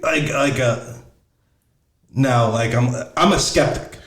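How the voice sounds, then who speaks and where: A man's voice: mid-range voice, slow pace, echoey room. A middle-aged man telling a story casually, blunt and profane, often restarting as he searches for words. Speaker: podcast host.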